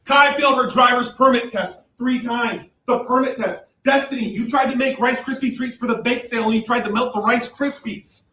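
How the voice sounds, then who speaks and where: A man's voice: extremely high pitch, moderate pace, few pauses, sharp tone, a little hiss or hum. A man scolding in an exasperated rant. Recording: echoey room, far from the mic.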